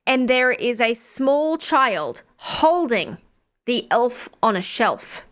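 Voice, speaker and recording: A woman's voice: a little high, takes it slowly. A woman, a podcast co-host in her thirties, telling stories in casual chat, laughing often and acting out quotes. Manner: animated storytelling, acts out quotes, laughs often, swears.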